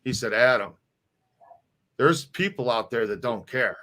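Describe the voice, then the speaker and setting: In a casual live-stream chat, this middle-aged co-host sounds animated, pushed and bright, with a mid-range voice and a slightly slow delivery. His talk rambles, full of restarts and repeated words.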